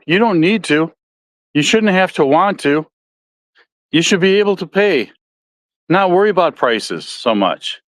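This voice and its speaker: Hosting his own podcast, a Midwestern American man speaks casually and folksily, wandering as he talks and often correcting himself. His fairly high voice is recorded without any echo.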